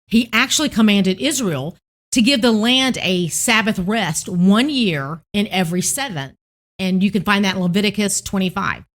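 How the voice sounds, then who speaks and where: A woman's voice: medium pitch, animated, moderate pace. Woman host telling stories. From Tennessee, United States. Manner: gentle, reminiscing storyteller. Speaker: podcast host. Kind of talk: devotional podcast talk.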